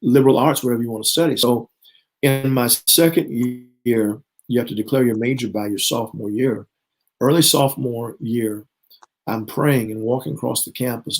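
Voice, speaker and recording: A man's voice: mid-range voice, steady tone, normal speed, rough recording. A man in his fifties, a bishop who is a guest, telling his personal testimony in conversation. He is an earnest storyteller who acts out remembered dialogue.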